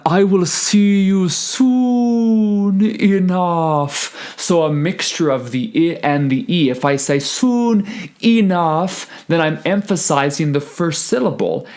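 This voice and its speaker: A man teaching choral diction, explaining slowly and carefully and breaking into sung phrases. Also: medium pitch. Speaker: choral conductor.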